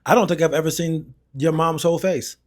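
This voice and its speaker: Higher-voiced man, easygoing podcast talk. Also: steady tone, a little fast. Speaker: podcast co-host. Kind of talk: casual podcast chat.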